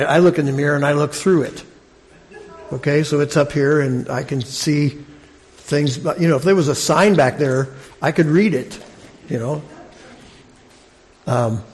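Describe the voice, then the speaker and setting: A man preaching a sermon in a conversational, halting way, often restarting his sentences. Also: on the high side. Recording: long reverb of a large hall.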